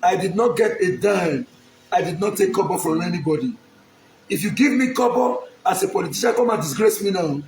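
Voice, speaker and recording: Nigerian guy from edo pleading w his people, high voice, keeps repeating himself, echoey room w faint hum behind. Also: animated, fairly quick, vocal fry, a little mellow. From Edo State, Nigeria. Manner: pleading and emphatic, repeats lines. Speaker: aspiring local politician. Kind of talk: direct-to-camera public appeal.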